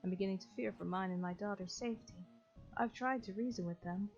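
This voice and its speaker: A woman's voice: mid-range voice, quick pace, darkish tone, lightly acted. A woman voicing a distressed young mother who is polite, weary and fearful, with old-fashioned phrasing. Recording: lo-fi with faint game music.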